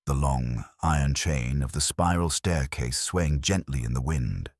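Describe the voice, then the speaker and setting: Very deep male narrator, dramatic audiobook reading, dry close recording. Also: lively intonation, unhurried, no room sound.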